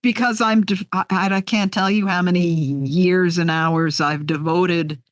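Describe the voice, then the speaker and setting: A woman in her sixties, an author being interviewed, telling stories in an animated, heartfelt way. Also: on the low side, a little slow, no room sound, studio quality. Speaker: author guest. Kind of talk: conversational interview.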